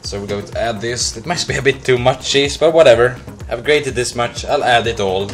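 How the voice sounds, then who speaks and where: A man's voice: medium pitch, brisk, faint music behind. A young man hosting a casual improvised cooking demo, rambling goofily between steps. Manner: goofy, rambling, slips into silly voices and chants. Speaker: cooking show host.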